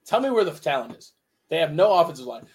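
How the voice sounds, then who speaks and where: A man co-hosts a casual sports podcast with a fairly high voice. He argues hard, repeating his lines for emphasis. His talk is loose and opinionated. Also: big pitch swings, fast talker, darkish tone. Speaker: podcast co-host.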